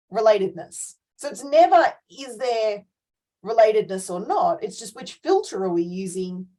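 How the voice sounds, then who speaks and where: A middle-aged woman coach talking in a casual group discussion, animated and ranting, often laughing between points. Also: mid-range voice, low-quality recording.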